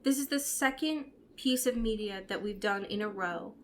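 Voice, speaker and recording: A woman's voice: mid-range voice, normal speed, a bit bright, slight background noise. A woman co-hosting a podcast in casual chat, retelling scenes in quoted voices and swearing casually. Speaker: podcast co-host. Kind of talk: casual chat recapping a TV show.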